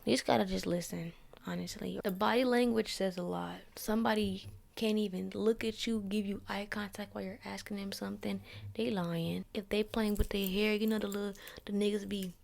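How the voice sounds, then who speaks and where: A young woman talks straight to her listeners in a candid solo podcast, dealing out blunt and profane advice full of slang. Her mid-range voice has a gravelly fry running through it. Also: medium pitch, fairly even intonation, brisk, darkish tone. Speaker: podcast host.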